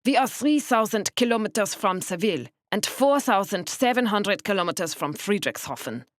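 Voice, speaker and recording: A woman's voice: mid-range voice, expressive, moderate pace, no room sound, studio quality, voice pushed up, natural voice. A woman voicing a stern German woman passenger who speaks curtly with a thick German accent. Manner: curt, snappish.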